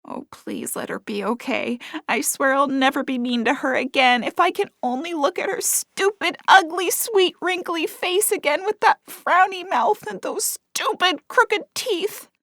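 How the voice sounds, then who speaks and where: A woman's voice: low-pitched, sing-song, moderate pace, vocal fry, fairly bright tone, dry recording, clean studio sound, heavily acted. A woman voicing an emotional small female black cat in an audiobook, given to dramatic sobbing and wailing.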